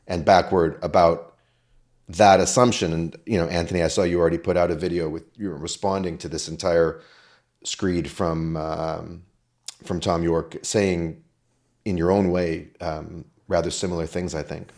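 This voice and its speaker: A man with a notably low voice co-hosts a casual podcast. He argues in long, winding stretches and slips in dry sarcasm along the way. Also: fairly even intonation, normal speed, darkish tone. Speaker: podcast co-host.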